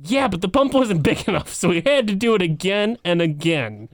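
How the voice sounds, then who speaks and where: A man co-hosting a podcast in casual chat, blunt and teasing, with dark jokes. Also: sits high, very animated, moderate pace, no echo. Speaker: podcast co-host.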